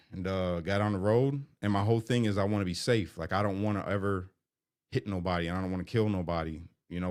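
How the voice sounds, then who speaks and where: Middle-aged man, low voice, confessional vlog delivery, candid and emotional. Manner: candid, emotional, rambling with fillers. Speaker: vlogger. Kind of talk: personal vlog, confessional storytelling.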